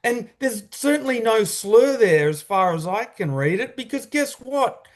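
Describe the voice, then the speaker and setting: A man's voice: high voice, lively intonation, a little slow. An Australian man co-hosting a sports podcast, ranting bluntly and swearing in casual banter. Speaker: podcast co-host.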